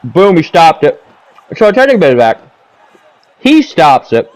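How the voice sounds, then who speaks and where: A man giving casual, ranting commentary over his own gameplay footage, seated at a home setup, repeating himself and punctuating plays with "boom". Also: sing-song, a little slow, poor audio. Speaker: gaming commentator.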